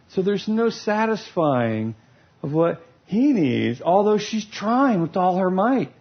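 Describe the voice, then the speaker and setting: A man's voice: high-pitched, husky. A man giving a humorous teaching talk about love languages, playful and laughing as he acts out scenes. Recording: lo-fi recording.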